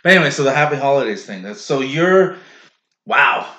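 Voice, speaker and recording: A man co-hosts a casual podcast chat, blunt and quick to swear. His pitch swings widely as he rants. The room around him is roomy and echoing. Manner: blunt and profane, animated rants. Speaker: podcast co-host. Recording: echoey room.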